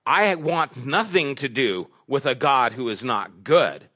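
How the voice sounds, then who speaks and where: A middle-aged man, a pastor, preaching a sermon and telling stories, dropping to hushed asides and rising to emphatic questions. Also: medium pitch, expressive, measured pace, few pauses. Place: church sanctuary.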